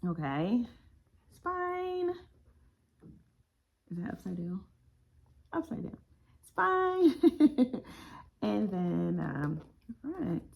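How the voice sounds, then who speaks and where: A woman's voice: lowish voice, creaky, darkish tone, breathy edge. A woman author unboxing her own book in a casual vlog, chatty and emotional with frequent exclamations.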